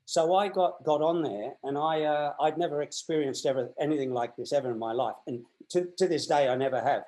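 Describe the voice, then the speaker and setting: A man in his sixties with an Australian accent is a guest in a casual interview, telling a long anecdote and animatedly acting out the voices of the people in it. His voice is on the high side and fairly quick, and the recording quality is low.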